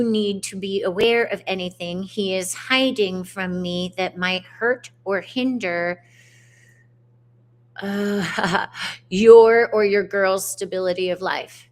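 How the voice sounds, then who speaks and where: A woman's voice: mid-range voice, steady tone, slow. A woman giving a casual, chatty tarot reading on a live stream from her home, with spiritual slang and the odd swear word. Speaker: tarot reader. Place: home on a mountainside.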